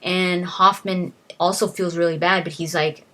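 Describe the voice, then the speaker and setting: A young woman talks through a story recap in a loose, rambling way, quoting each character with "he's like" and often restarting her sentences. Her voice sits a little low for a woman. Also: level tone, normal speed, a bit bright. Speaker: video uploader retelling a novel's plot. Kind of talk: casual plot recap.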